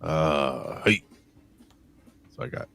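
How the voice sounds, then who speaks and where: A man's voice: extremely low pitch, lively intonation, takes it slowly, vocal fry. A man hosting a casual wrestling podcast, joking around and calling out names from the live chat. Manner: shouts out chat commenters, jokey, swings loud and quiet. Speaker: podcast host.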